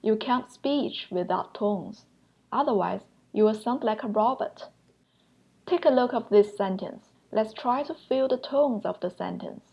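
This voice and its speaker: A woman's voice: a little high, a little slow, vocal fry, slightly rough, muffled recording. A young woman teaching an online language lesson, patiently explaining points step by step and sounding out examples aloud.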